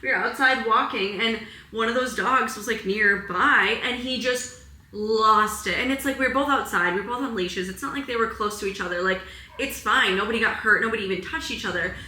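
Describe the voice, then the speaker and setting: Speaking a little high and a little fast with a sharp tone, a young woman vlogs about wellness from her apartment, close to crying. The casual confessional is rambling and emotional, heavy on "like," with echoey room sound and a rough recording.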